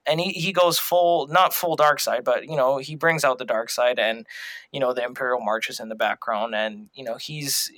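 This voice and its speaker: Bright-voiced man chatting casually. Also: mid-range voice, dry recording, rough recording. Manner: rambling, many fillers and restarts. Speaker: podcast co-host. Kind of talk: casual fan discussion.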